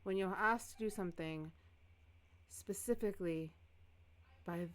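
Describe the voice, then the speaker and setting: A woman's voice: mid-range voice, unhurried, a bit bright, lightly acted. A woman voicing a curt, formal female ship captain who answers defensively. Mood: stiff.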